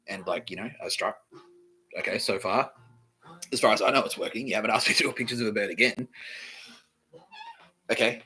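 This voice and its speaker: A man hosting a podcast, telling a rambling comic story with lots of swearing and animated delivery. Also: mid-range voice, poor audio. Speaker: podcast host. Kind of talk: comedic storytelling monologue.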